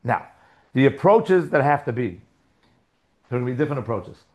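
Man teaching a lively Torah class. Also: mid-range voice, a little fast. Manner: conversational, repeats and restarts, asks the class questions. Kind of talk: live class lecture.

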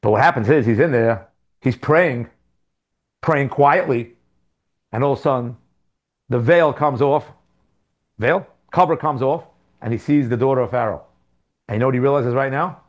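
A man giving a Torah class as a religious teacher, animated, with rhetorical questions and emphatic repetitions. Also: medium pitch, normal speed, pauses often, lo-fi sound.

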